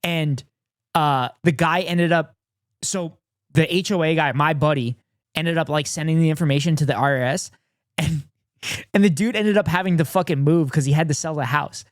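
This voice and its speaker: A man's voice: on the high side, normal speed, dry recording, studio quality. A man streaming from home, reacting to videos in casual chat, swearing freely and telling stories. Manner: profane, riffing and storytelling.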